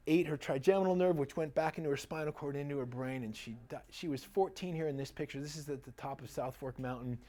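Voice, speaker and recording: Chatty man telling lively stories. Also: fairly high pitch. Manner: animated, chatty storyteller who laughs often. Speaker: chiropractor giving a talk to an audience. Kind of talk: casual seminar talk with personal stories.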